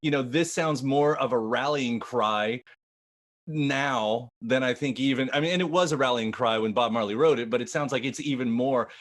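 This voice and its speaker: Male interview host, thoughtful, rambling questions, mid-pitched voice. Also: moderate pace.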